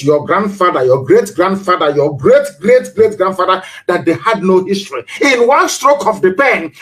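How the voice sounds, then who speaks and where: High-voiced man, fiery speech. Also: poor audio. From Nigeria. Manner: emphatic, fond of rhetorical questions and repetition. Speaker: political leader giving a live broadcast. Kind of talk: impassioned live broadcast speech.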